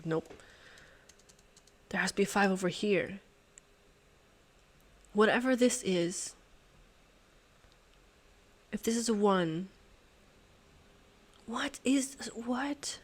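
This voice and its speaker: A woman hosting a sudoku video who thinks aloud as she solves. She is excitable and swears and laughs in disbelief as she talks to herself and her viewers. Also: medium pitch, very slow, long pauses. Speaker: host solving a sudoku puzzle. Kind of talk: thinking aloud while solving a puzzle.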